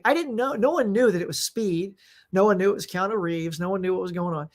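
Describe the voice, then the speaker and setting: A woman's voice: medium pitch, fast. Middle-aged woman losing her voice. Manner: rambling, animated storytelling with many fillers. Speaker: host. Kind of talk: casual live Q&A chat.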